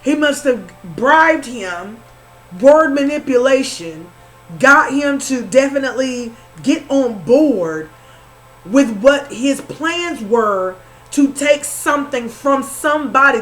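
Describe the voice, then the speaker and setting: High-voiced woman giving a spiritual reading. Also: poor audio. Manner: conversational, repetitive, emphatic. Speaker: spiritual reader.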